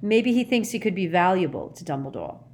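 A woman's voice: lowish voice, sing-song, a little fast, a little mellow. A woman voicing a thoughtful teenage boy wizard, earnest and musing.

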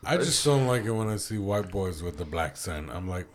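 A man's voice: sits low, fairly quick, a crowd in the background. A man co-hosting a podcast, telling stories in casual chat and swearing casually. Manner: animated storyteller, swears casually. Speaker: podcast co-host.

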